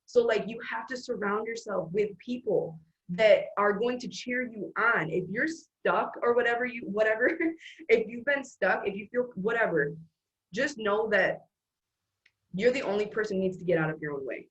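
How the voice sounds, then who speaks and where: A woman's voice: mid-range voice, moderate pace, muffled recording. A woman hosting an earnest, emphatic motivational faith talk. She rambles with restarts. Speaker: host.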